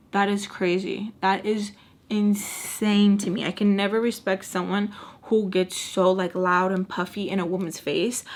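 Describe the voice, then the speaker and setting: Chatty young woman telling a story. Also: mid-range voice. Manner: chatty, animated, drops in Spanish words and fillers. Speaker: storytime vlogger. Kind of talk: casual storytelling to camera.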